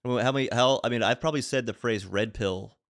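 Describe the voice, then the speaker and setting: A man's voice: medium pitch, quick pace, fairly bright tone, dry recording, studio quality. A man in his thirties, a comedian guest on a podcast, telling loose rambling stories in casual, profane chat.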